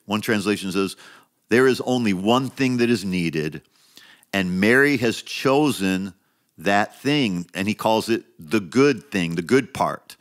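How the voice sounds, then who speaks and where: Low-voiced man preaching a sermon. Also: animated, measured pace. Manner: emphatic, repeats phrases, rises in pitch when stressing a point; conversational preaching with frequent restarts and asides. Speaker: pastor.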